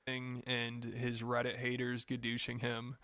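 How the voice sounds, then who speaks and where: A male narrator reading a mocking commentary script in an almost perfectly flat tone, with a gravelly edge to his voice. His sound is bright and crisp, recorded dry and close. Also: mid-range voice, slow, no room sound. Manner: dry, mocking, monotone delivery.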